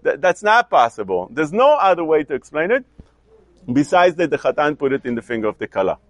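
A man teaches a Talmudic lecture in a somewhat high voice. His pitch swings widely as he asks questions and answers them. The sound is dry and close. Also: brisk, no room sound. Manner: animated, questioning, mixes Hebrew and Yiddish terms. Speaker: Torah teacher.

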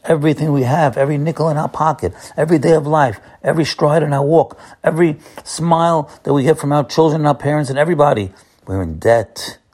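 A man giving a short inspirational sermon as a religious teacher, impassioned and repetitive, building to loud emphatic peaks as he walks listeners through the gestures of prayer. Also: a little high, quick pace.

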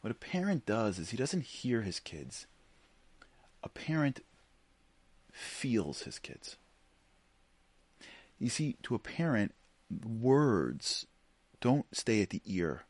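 A middle-aged man giving a sermon as a Jewish teacher, telling a story in an animated way and acting out the voices. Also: mid-range voice, takes it slowly, long pauses, slightly rough, no room sound.

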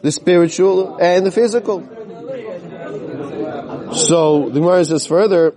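In a study hall, a man with a high voice teaches a Talmud class, slowly reading the Aramaic before explaining it in plain English. Now and then he loses his place and starts over, while a crowd murmurs in the background.

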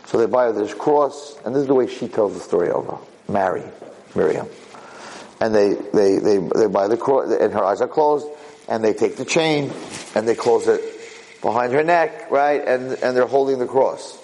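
Animated storytelling man, low gravelly voice. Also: normal speed, low-quality recording. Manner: animated, leaps high in pitch for emphasis. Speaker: Jewish lecturer. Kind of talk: storytelling lecture.

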